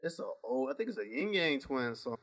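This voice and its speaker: A man's voice: medium pitch, very animated, brisk, a bit bright. A young man co-hosting a podcast in casual chat, laid-back, with profane slang. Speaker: podcast co-host.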